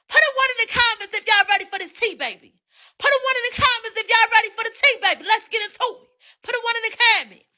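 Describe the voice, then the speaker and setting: A woman's voice: fairly high pitch, sharp tone. A woman hosting a casual phone livestream, brashly hyping viewers to send gifts and cussing freely. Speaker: livestream host.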